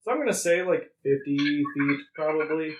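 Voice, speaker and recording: A man narrating as game master in a tabletop game, casual and quick to laugh, filling pauses with "like" and "um". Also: a little high, a little hiss or hum, low-quality recording. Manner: casual, laughing often, thinks aloud with fillers.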